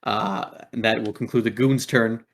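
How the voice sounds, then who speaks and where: A man's voice: on the low side, fairly even intonation, normal speed, a bit bright. A man narrating as game master in a laid-back way, with many filler words.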